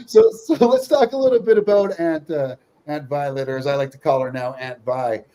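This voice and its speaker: A man's voice: a little high, normal speed, dark tone. A man hosting an interview show over a video call, with a jokey, playful way of talking. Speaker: show host. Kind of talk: casual interview chat.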